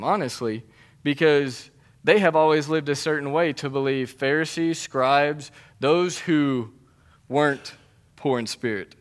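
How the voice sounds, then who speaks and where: A man's voice: a little high, fairly bright tone. A man delivering a sermon as a pastor, speaking in an earnest, conversational way with emphatic repetition.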